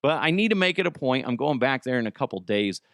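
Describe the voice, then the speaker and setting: A podcast host talking in a casual comedic monologue, lurching from loud outbursts to mumbled asides, with a Cajun accent. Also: male voice, medium pitch, expressive, fast, dry recording, studio quality.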